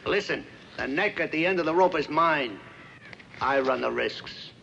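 An actor playing a scheming, boastful Mexican bandit with a light Mexican accent, gravelly and menacing, on a slightly dull film soundtrack. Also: male voice, on the high side, moderate pace, sharp tone, a little hiss or hum. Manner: menacing, with a sadistic laugh.

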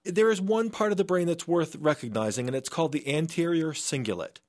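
A man's voice: on the high side, a little fast, darkish tone. Earnest man, a scientist guest. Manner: earnest, with frequent restarts and fillers. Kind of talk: remote radio interview.

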